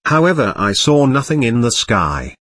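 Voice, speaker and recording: A man's voice: mid-range voice, very animated, normal speed, a bit bright, no room sound. A man voicing a skeptical, worried middle-aged uncle who questions everything, in a read-aloud story. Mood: doubtful.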